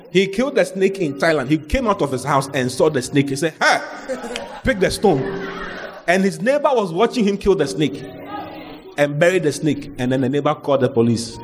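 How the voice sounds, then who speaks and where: A man preaching a lively sermon, mixing humor and acted-out quotes. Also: a little high, brisk, in a large hall. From Ghana. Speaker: pastor.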